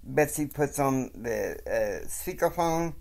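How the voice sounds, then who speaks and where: Man, casual storyteller, unhurried, rambling. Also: medium pitch, lively intonation, gravelly, a little mellow. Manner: slow, rambling with fillers.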